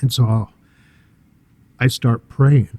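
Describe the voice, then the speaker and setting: An older man sharing a personal testimony in an interview, telling his story in an earnest, halting way with many fillers and restarts. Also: mid-range voice, fairly even intonation, warm tone. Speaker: church guest sharing a testimony.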